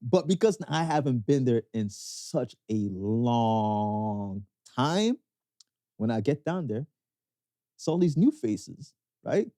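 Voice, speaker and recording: A man's voice: takes it slowly, dry recording, studio quality. A man with a Canadian accent co-hosting a podcast, telling stories expressively in casual chat. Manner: expressive storyteller, drops into low voices for quotes. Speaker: podcast co-host.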